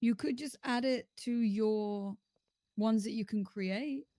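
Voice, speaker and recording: A woman talks through police business in a role-play game, pausing on fillers and restarting her sentences. Her voice sits a little high and sounds close and dry. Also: warm tone, no room sound. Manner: hesitant, many fillers and restarts. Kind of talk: in-character role-play chat.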